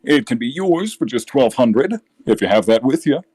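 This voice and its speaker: A man's voice: mid-range voice, animated, normal speed, dark tone, slightly rough, no echo, faint music behind. A man voicing a young male minotaur merchant with an easygoing sales patter. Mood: salesy.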